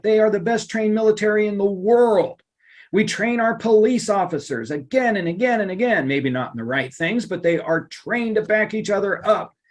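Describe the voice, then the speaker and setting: Emphatic, animated male presenter. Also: high voice. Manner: emphatic, animated, repeats phrases for effect. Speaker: workplace trainer and coach. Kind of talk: live online lunch-and-learn presentation.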